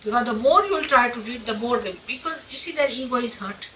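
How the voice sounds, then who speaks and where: A woman's voice: a little high, quick pace, bright, forceful tone. A woman speaking as a spiritual teacher in an informal talk to followers. She is emphatic and asks many rhetorical questions. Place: meeting room of an ashram. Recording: distant mic with faint hiss, old 1979 tape.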